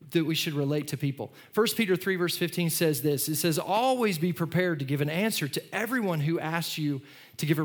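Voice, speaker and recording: A middle-aged man delivers a sermon in a relaxed, conversational way. His voice sits a little high for a man, and he often repeats words. He swings between loud, emphatic lines and quiet, soft ones. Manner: conversational preaching, repeats words, rises and falls in loudness. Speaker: pastor.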